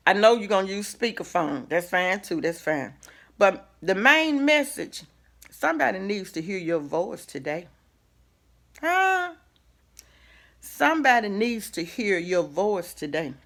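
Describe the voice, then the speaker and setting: A woman's voice: medium pitch, fairly bright tone. A middle-aged woman, giving a folksy, preacherly motivational talk full of asides and rhetorical questions. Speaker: host. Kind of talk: casual motivational talk to camera.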